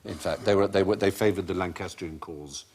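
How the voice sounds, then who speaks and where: A man's voice: low voice, fairly quick. A man hosting a panel quiz show, asking questions and telling anecdotes. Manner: lively, asks questions, tells anecdotes.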